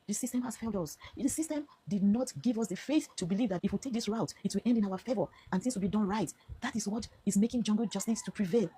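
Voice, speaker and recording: A woman's voice: medium pitch, fast, dark tone, breathy edge. A Nigerian woman in her fifties giving an earnest, emphatic personal testimony to camera, now and then slipping into Pidgin phrases. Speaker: vlogger telling her own story.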